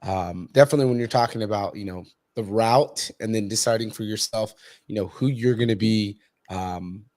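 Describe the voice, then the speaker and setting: A man's voice: fairly low pitch, normal speed, a little mellow, dry recording, clean studio sound. A man hosting a casual interview, enthusiastic and friendly with his guest, whom he calls brother. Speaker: podcast host.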